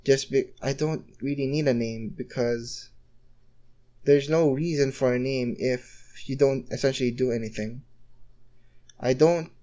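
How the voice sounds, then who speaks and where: A man's voice: medium pitch, a little mellow, dull audio, lightly acted. A man voicing an earnest young male hero who stammers and repeats himself.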